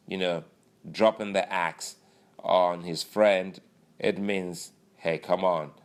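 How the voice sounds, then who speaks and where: Male commentator, lower register, thinks aloud with frequent fillers. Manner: filler-heavy, musing delivery with many uhs and you knows. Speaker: political commentator. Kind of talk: political commentary.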